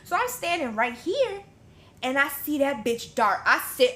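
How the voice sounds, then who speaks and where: A woman co-hosting a podcast, telling stories in a casual, expressive way with lots of swearing. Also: sits high, measured pace. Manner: expressive, profane storytelling. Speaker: podcast co-host.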